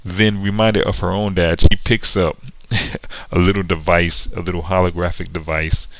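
A man's voice: deep voice, flat delivery, moderate pace, fairly bright tone, dry recording, poor audio. A man casually retelling a comic book story, sarcastic and often breaking into laughter. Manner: sarcastic, laughing between lines.

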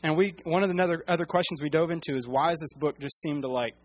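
A man leading a casual Bible teaching. He talks in a halting way, with many fillers and restarts. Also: a little high.

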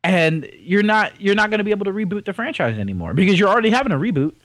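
A man co-hosting a casual podcast, talking in an animated, rambling and opinionated way. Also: high-pitched, rapid-fire, no room sound, low-quality recording. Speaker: podcast co-host. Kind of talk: casual chat.

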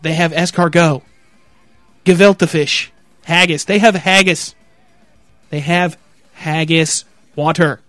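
A man's voice: on the high side, steady tone, slow, pauses often, fairly bright tone, no room sound, faint music behind. A man in a profane, comedic rant, reading a list aloud with mock announcer delivery and repeating "okay?" in disbelief. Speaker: vlogger reacting to a product website.

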